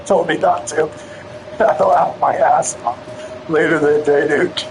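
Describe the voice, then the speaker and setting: A man's voice: on the high side, steady tone, slow, creaky, background noise. A man streaming a game, telling a rambling, profane story in a casual way. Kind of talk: casual storytelling while gaming.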